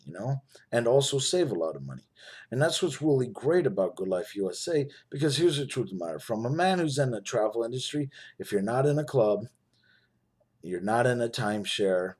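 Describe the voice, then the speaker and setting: A man making a casual, persuasive sales pitch to the camera, often checking in with "right?" and "you know". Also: darkish tone, slightly rough. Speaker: network marketing promoter.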